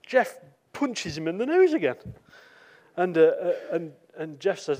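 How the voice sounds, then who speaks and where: Male preacher, fairly high voice, conversational sermon full of stories and restarts. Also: expressive, moderate pace, darkish tone. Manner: storytelling with acted quotes and repeated words. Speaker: visiting preacher.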